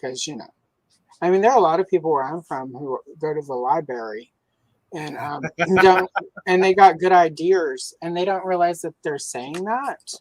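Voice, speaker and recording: Low-voiced Southern woman, joking. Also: normal speed, dry recording, low-quality recording. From American South. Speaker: host. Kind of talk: casual podcast chat. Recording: dry close-miked sound.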